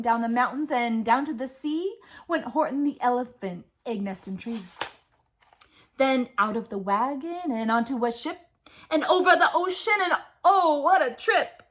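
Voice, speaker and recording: A woman's voice: high-pitched, pushed and bright. A woman reading a children's picture book aloud in a playful, rhythmic rap style. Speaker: storyteller.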